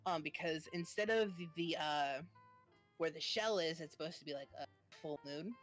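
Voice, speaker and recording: A young woman in her twenties with a lowish voice, telling a story casually and stopping often on "um." Faint music plays underneath her. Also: moderate pace. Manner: chatty, lots of fillers. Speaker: streamer guest.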